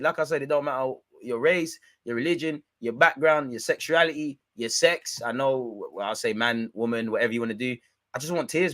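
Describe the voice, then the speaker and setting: A man's voice: fairly high pitch, fairly bright tone, dry recording, studio quality. A young man hosting a football watch-along, bantering and mocking in slangy casual chat. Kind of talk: casual live match reaction.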